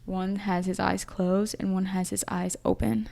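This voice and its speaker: A woman's voice: mid-range voice, little pitch movement, unhurried, vocal fry, hardly any pauses, mellow. A young woman giving a casual, chatty tarot reading, talking through her intuitions in an emotional, thinking-aloud way. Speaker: tarot reader.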